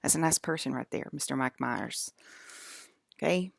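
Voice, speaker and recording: A woman's voice: deep voice, moderate pace, creaky, breathy edge, no room sound, clean studio sound. A woman vlogging in a rambling casual monologue, talking straight to her viewers and repeating her points with emphasis. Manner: emphatic, repeats herself, addresses viewers directly.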